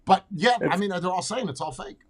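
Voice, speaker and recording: A man hosting a podcast in casual chat, talking bluntly and excitably with plenty of swearing. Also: high-pitched, a little fast, husky. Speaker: podcast host.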